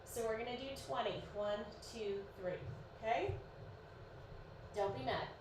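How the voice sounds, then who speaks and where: A woman's voice: on the high side, measured pace. Chatty, encouraging female fitness coach counting reps on a live stream, slightly sleepy; roomy echo, distant mic, faint background noise. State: sleepy, yawning. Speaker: fitness instructor. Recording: echoey room, voice far from mic, faint noise.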